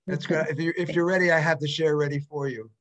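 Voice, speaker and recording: A man's voice: fairly high pitch, quick pace, fairly bright tone. A man hosting a poetry evening over a video call, speaking hesitantly with friendly restarts. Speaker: poetry event host.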